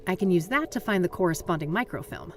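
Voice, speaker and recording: A woman's voice: lowish voice, animated, quick pace, slight background noise, natural voice. An actress voicing a wry, sarcastic young female detective in a video game. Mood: focused. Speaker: game character.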